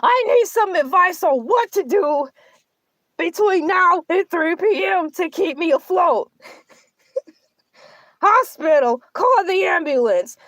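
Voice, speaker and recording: Hercules: a woman doing a squeaky, melodramatic shark. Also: no room sound, exaggerated voice. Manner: theatrical, rambling, melodramatic complaints. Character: male shark character, sick, self-pitying, boastful. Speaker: livestream show host in character. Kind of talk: comedic character livestream monologue.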